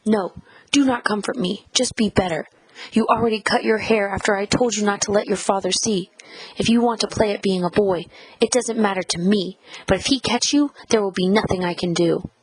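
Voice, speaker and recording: Woman reading a scolding, scared mother, higher voice, husky, scream-whispered, dry storybook sound. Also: brisk, no room sound, lightly acted, low-quality recording. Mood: stern. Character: stern, frightened immigrant mother scolding her child.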